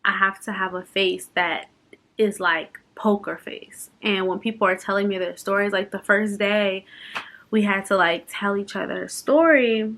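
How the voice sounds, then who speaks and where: A woman's voice: medium pitch, fairly even intonation, moderate pace, fairly bright tone. A young woman chatting unscripted in a personal vlog, open and emotional, laughing and fighting back tears at times. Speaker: vlogger.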